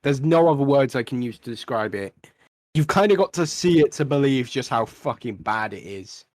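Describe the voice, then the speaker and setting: A man's voice: medium pitch, expressive, normal speed, no room sound. A young man co-hosting a casual podcast, ranting bluntly with plenty of swearing. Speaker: podcast co-host.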